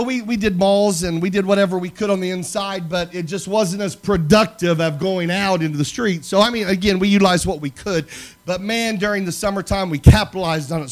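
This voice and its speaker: A man preaching a sermon, telling personal stories in an animated way that swings from loud to hushed. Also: high voice. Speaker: pastor.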